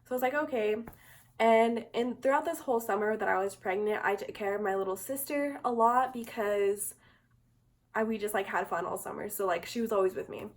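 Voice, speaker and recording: A young woman telling a personal story in a casual, chatty way, filling nearly every phrase with "like". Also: a little high. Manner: chatty, says "like" constantly. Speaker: vlogger.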